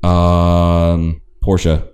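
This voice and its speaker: A man with a very low voice co-hosts a casual podcast chat. He rambles, swears freely and often restarts his sentences. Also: completely flat delivery, very slow, darkish tone. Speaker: podcast co-host.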